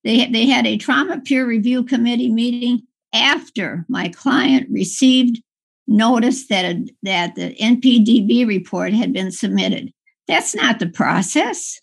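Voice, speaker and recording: A woman attorney making an impassioned oral argument before a court, halting and restarting often. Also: on the high side, creaky, slightly rough. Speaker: appellate attorney.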